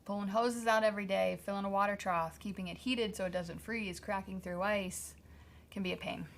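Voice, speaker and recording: A woman's voice: mid-range voice, fairly even intonation, brisk, a little hiss or hum. A woman with a Pennsylvania accent co-hosting a homestead podcast, matter-of-fact with dry quips. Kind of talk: casual chat.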